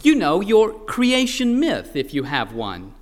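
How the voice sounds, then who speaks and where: A man's voice: sits high, wildly swooping pitch, takes it slowly, in a large hall, pitched above the performer's own voice, heavily acted. A man voicing an eager, nervously polite anthropologist who stammers now and then.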